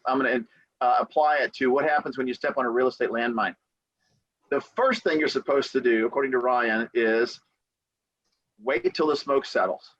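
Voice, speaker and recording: A man in the role of a real estate attorney, talking on a podcast and giving motivational advice. He tells stories with animation, acts out what people say, and repeats key phrases for emphasis. His voice is mid-pitched, dry and close, with slightly dull, lo-fi audio. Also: slightly rough, no echo. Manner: animated storyteller who acts out quotes.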